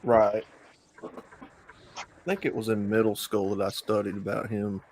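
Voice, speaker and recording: A man's voice: lowish voice, level tone, unhurried, a little mellow. Rambling male host in casual chat. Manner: rambling, loose, with many fillers and restarts. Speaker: host of an online talk stream.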